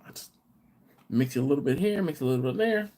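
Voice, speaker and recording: A man's voice: mid-range voice, expressive, fast, noisy background. American man rambling through a live-stream story. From United States. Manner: rambling storyteller, reads out viewer comments. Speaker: host of a live barbecue channel. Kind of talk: casual live-stream chat.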